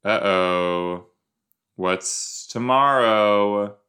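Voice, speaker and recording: Male host, unhurried, rambling and chatty, self-deprecating watch-along commentary. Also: on the low side, bright, forceful tone. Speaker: reaction podcast host. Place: southern Minnesota.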